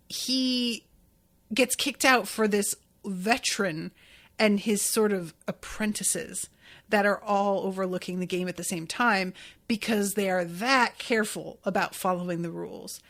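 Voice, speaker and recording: A woman's voice: mid-range voice, fairly bright tone. A woman hosting a podcast, recapping anime episodes in a chatty, casual way with fillers and some swearing. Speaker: podcast host.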